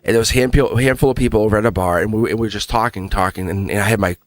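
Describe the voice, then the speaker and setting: A man's voice: on the low side, rapid-fire, no room sound. A man hosting a live tarot reading stream, telling rambling stories and coaxing viewers in a casual, earnest way. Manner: rambling, animated storytelling with many restarts. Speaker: schoolteacher.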